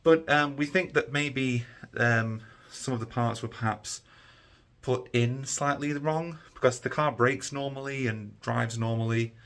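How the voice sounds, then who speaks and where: A man's voice: medium pitch, a little slow, fairly bright tone. A tired man, chatting casually to camera in a rambling, easygoing vlog. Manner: rambling, easygoing, many fillers. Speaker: vlogger.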